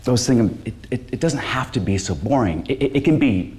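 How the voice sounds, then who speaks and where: An actor playing an anxious, washed-up middle-aged male stand-up comic, talking in a halting, stammering, self-deprecating way in a film. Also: mid-range voice, lively intonation, a little mellow, close to an everyday voice. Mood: nervous. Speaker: stand-up comedian. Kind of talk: film stand-up set and show pitch.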